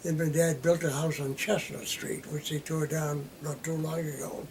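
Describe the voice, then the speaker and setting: A man's voice: fairly high pitch, level tone, moderate pace, slight background noise, low-quality recording. An older man from Massachusetts, recalling his boyhood in a plain-spoken, wry way during an oral history interview at home. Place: living room at home.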